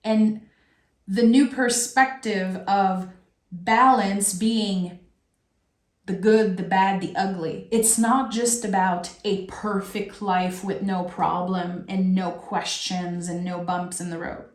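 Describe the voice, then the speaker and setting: A woman giving a spiritual tarot reading in a slow, earnest, heartfelt way. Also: mid-range voice, steady tone. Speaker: tarot reader. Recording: roomy echo.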